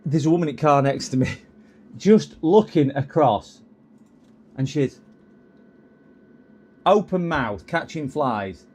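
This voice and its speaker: A man's voice: a little high, expressive, a little slow, long pauses. A man who streams himself repairing electronics, chatting casually and rambling off on tangents while he solders. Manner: rambling, chatty, easily sidetracked.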